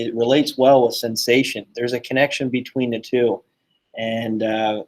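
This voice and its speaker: A man teaching a psychology lesson in a casual, chatty way, full of fillers and joking asides. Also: mid-range voice. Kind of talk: casual classroom lecture.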